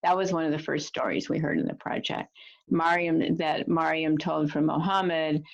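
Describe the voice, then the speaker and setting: Earnest woman with a gravelly voice. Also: low-pitched, dull audio. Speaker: storyteller and teacher of refugee youth. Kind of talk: reflective storytelling talk.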